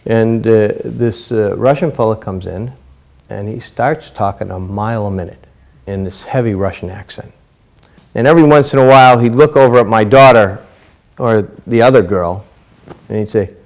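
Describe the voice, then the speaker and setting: A man's voice: lowish voice, normal speed, a little mellow. Middle-aged man telling a casual story. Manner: casual storytelling, many fillers. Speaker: Zen teacher. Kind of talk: dharma talk.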